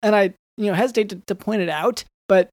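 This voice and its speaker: A man's voice: high voice, fast, no echo, clean studio sound. A man who is a doctor hosting a comedy podcast, reading medical notes with hesitant fillers between jokes.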